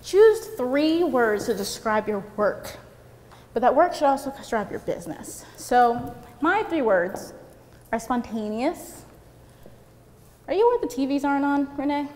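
A loud, chatty woman from Puerto Rico giving a seminar talk to photographers, using a handheld mic and saying "like" a lot. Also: sits high, lively intonation, a little slow, big-room sound. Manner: chatty, lots of "like". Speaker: seminar speaker. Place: seminar room with an audience.

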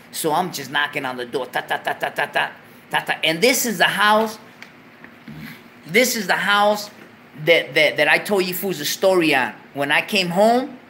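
A man hosting a talk show, telling a story in a profane, animated way, loudly acting out what was said. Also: fairly high pitch, a little hiss or hum. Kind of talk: casual storytelling.

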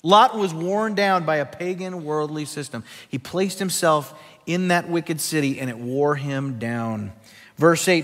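Emphatic preacher in a reverberant church. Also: male voice, a little high, measured pace. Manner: emphatic, teaching from scripture. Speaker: pastor. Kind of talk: sermon. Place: church sanctuary.

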